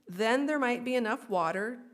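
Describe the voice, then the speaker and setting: A woman's voice: on the high side, animated, normal speed, natural voice. A woman voicing a hopeful little male drop of water in a children's story, speaking earnestly and encouragingly. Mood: determined.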